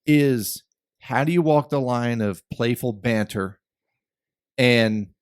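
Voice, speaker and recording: A man's voice: medium pitch, takes it slowly, clear, resonant tone, no echo, clean studio sound. A man hosting a casual podcast chat, rambling with many restarts and swearing freely. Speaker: podcast host.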